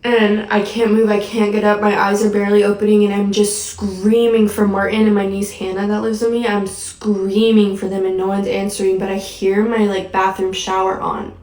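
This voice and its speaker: A woman's voice: medium pitch, flat delivery, moderate pace, few pauses, a little mellow. A shaken woman who has just been crying, recounting a nightmare in a rambling way with many "likes". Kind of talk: casual spoken recounting. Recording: echoey room, mic at a distance.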